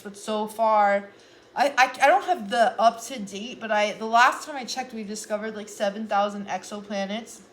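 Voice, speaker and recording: A woman's voice: mid-range voice, a little hiss or hum. A young adult woman doing a casual tarot reading vlog, talking in an earnest, rambling way and often restarting her sentences. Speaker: tarot reader.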